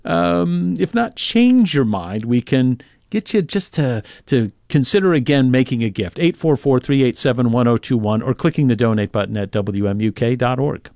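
A man hosting a public radio fund drive, relaxed and joking, with fillers. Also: mid-range voice, moderate pace, creaky, few pauses, dry recording, clean studio sound.

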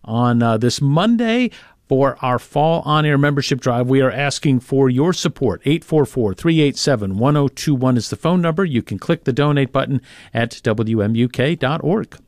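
A man hosting a public radio fund drive, relaxed and joking, with fillers. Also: mid-range voice, moderate pace, no room sound, studio quality.

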